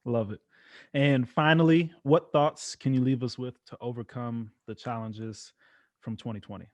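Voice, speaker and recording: A man's voice: medium pitch, steady tone, moderate pace, dry recording. A young man hosting an interview podcast, giving short affirmations and an upbeat sign-off. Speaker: podcast host. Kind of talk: casual interview.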